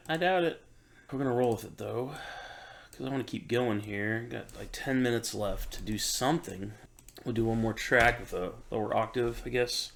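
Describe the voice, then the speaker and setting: A man's voice: mid-range voice, gravelly, a bit bright. A man musician thinking aloud in an easygoing, self-doubting way while he records in his home studio. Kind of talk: casual talk while recording.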